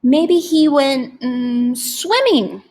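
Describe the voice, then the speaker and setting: A woman's voice: high-pitched, lively intonation, extremely slow, darkish tone, voice pushed up, exaggerated voice. A woman voicing a sly, pushy male tempter in an audiobook, coaxing like a salesman. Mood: wheedling. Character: sly fast-talking male tempter, wheedling and cocky.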